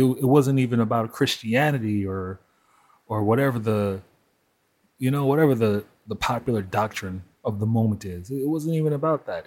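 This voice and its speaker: A man's voice: medium pitch, darkish tone. Candid, profane man talking alone. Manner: candid, profane, laughs between points. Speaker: podcast host. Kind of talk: solo monologue.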